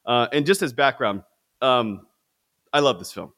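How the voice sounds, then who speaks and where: Rambling, animated male podcast co-host. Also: medium pitch, measured pace. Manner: rambling, animated, many restarts. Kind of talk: casual film discussion.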